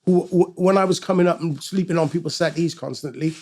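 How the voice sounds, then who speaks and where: A middle-aged Welshman, a guest musician in a casual interview, tells a story in a slightly high, fast, somewhat mellow voice. He swears freely and imitates the voices of the people he quotes.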